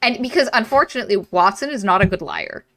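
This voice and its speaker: Bright-voiced woman retelling a story. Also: medium pitch, quick pace. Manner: animated retelling, acting out characters' lines with swearing. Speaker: podcast co-host. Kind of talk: casual book-club chat.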